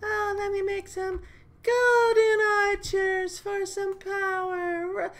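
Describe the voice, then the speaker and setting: A man putting on a high, sing-song falsetto to mock an impatient young woman gamer. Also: level tone, slow, a bit bright, heavily acted. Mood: teasing. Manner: mocking, sing-song imitation.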